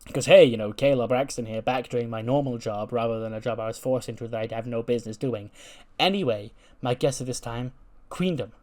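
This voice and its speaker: A man's voice: medium pitch, a little fast, few pauses, a little mellow, close to an everyday voice. A man voicing a female backstage interviewer who introduces her guest in a chirpy, businesslike way.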